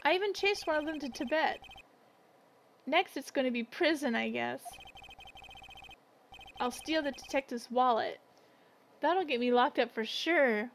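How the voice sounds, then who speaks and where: A woman's voice: high voice, a little slow, vocal fry, pauses often, slight background noise, rough recording. A woman reading the part of a goofy, lovesick young man who whines and dramatizes. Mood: whiny.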